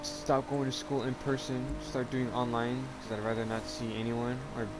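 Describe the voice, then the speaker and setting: A man talking casually in a personal vlog, halting and rambling with many restarts, earnest and confessional. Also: medium pitch, flat delivery, very noisy. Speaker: YouTuber. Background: music playing.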